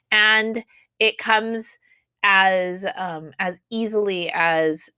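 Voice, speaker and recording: A woman teaching a Japanese grammar lesson in English, explaining patterns and acting out sample phrases. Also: no echo. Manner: explanatory, acts out sample Japanese phrases with lively pitch swings.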